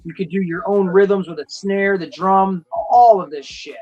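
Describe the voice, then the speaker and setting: A young man hosting a casual live stream chat, profane and rambling, quick to laugh. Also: high voice, steady tone, a little mellow, muffled recording. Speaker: host. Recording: faint music behind. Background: faint music.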